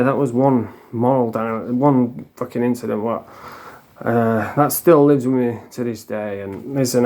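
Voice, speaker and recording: A middle-aged man talks casually to camera at an ordinary, middle pitch. His speech is blunt and rambling, full of swearing and sentences he restarts. It sounds like unscripted storytelling. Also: a little mellow. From England. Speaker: recovering addict sharing stories.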